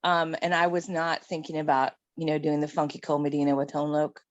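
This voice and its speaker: A middle-aged woman telling a story in casual chat, animated and laughing often. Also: deep voice, brisk, dry recording, highs cut off. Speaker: guest.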